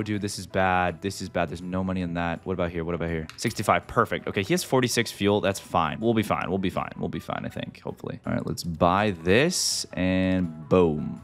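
A man giving excitable gameplay commentary as the host, talking to himself and to viewers and calling everyone "dude". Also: low voice. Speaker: gaming video host.

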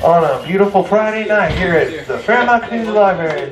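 A man's voice: high voice, animated, brisk, few pauses. A man hosting a live music night, rambling and joking at his own expense. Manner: rambling, joking, self-mocking. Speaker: host. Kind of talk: live show emcee banter. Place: library event space with live crowd. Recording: roomy live sound, mic at a distance, crowd noise.

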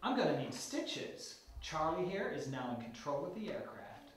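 A bitten flight steward slowly turning into a zombie, voiced by a man, rattles off ID codes in a clipped, hurried way. His voice sits a bit high and rings in a very echoey room, heard from a distance. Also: sing-song, a little hiss or hum. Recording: echoey room, mic far off.

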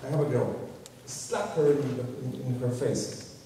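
Man telling stories, slow and mellow. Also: medium pitch, distant mic, a little hiss or hum. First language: Spanish. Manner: lively storyteller, halting restarts, chuckles between punchlines. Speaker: filmmaker giving a public lecture. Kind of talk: anecdotal storytelling lecture. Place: lecture hall with an audience. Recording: echoey hall recording from afar.

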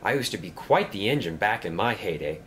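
A shy, eager old narrow-gauge engine who talks in a raised, excitable voice, as a man plays him. His pitch jumps around a lot. Faint ambience is heard behind him. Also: fairly quick, slight background noise. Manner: eager, wide-eyed.

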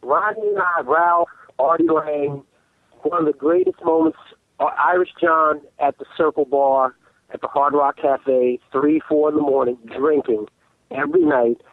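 A man on a call-in line tells animated stories and keeps stumbling over his own restarts. His voice is gravelly and lively, and it comes through a tinny, dry phone connection. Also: fairly high pitch, moderate pace, no room sound. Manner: animated storyteller who restarts his sentences. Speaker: call-in guest. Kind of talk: casual phone interview. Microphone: telephone.

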